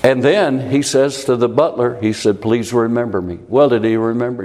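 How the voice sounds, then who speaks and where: A man preaching a sermon, retelling scripture with lively swings in pitch and volume and many rhetorical questions. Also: fairly quick, hardly any pauses. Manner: animated, rhetorical questions, shifting loudness. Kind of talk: expository sermon. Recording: long hall reverb.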